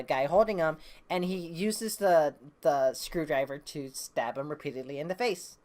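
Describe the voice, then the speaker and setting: A woman reviewing a comic book issue, casually retelling the plot with lots of fillers and restarts, reading the characters' lines in her own voice. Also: deep voice. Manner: rambling, hesitant with many fillers and restarts; reads quoted dialogue in her own voice.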